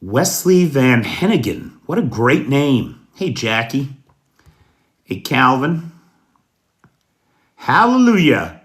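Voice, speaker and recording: An American man hosting a casual livestream news show, greeting viewers by name in a folksy, unhurried way. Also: medium pitch, animated. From United States. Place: indoors at night.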